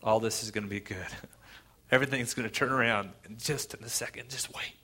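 A man gently playing a compassionate healer, speaking softly and tenderly, almost in a whisper. His tone stays bright and clear even when hushed. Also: medium pitch, a little fast. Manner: soft, tender, nearly whispered.

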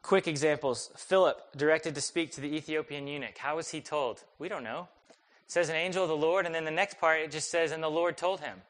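A young man preaching a sermon, telling a personal story in a conversational, animated, self-deprecating way. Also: fairly high pitch, fairly quick. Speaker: pastor.

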